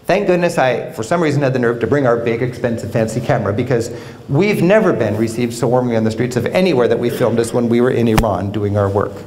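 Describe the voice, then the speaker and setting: A man giving a public travel lecture in a university hall, telling stories in an animated way with wry humor. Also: mid-range voice, quick pace. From United States. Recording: roomy hall sound.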